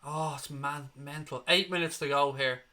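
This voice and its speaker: A man with a slightly high voice and fairly even intonation hosts a live football watchalong for his fan channel. His delivery is moderately paced, bright, and forceful as he gives blunt reactions, swears freely, and talks viewers through the match.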